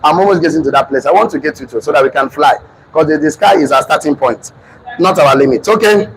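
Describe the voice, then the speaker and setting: A man in his thirties with a Nigerian accent, giving an emphatic motivational seminar talk, often shouting and repeating lines for his audience. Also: a little high, fast talker. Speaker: motivational speaker. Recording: noisy room recording.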